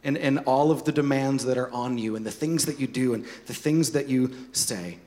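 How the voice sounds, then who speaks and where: A man preaching a sermon as pastor, animated, with joking asides and repeated words. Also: mid-range voice, normal speed.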